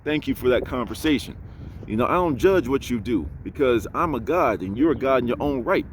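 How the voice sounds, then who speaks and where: A man's voice: mid-range voice, expressive, brisk, slight background noise. A man vlogging outdoors in a casual monologue, blunt, preachy and self-assured as he talks about spirituality. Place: outdoors in an urban area.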